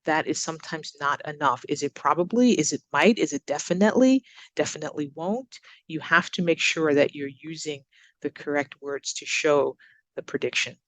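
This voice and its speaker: A woman teaching English to learners, giving example sentences and repeating words slowly with exaggerated stress. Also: low voice, no echo. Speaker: ESL teacher. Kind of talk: recorded English lesson.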